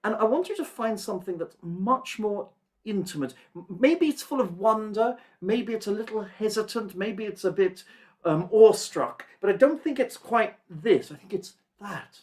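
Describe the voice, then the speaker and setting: Teaching a singing masterclass online via video call, this man is gentle and reflective, pausing to find words and humming rhythms to show them. He pitches high, with lively intonation and a moderate pace.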